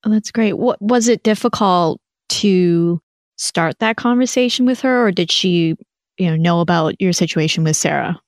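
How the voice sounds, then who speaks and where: A woman's voice: on the low side, moderate pace, no room sound, clean studio sound. A woman hosting a podcast interview, talking in an effusive, encouraging way. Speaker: podcast host. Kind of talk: conversational interview.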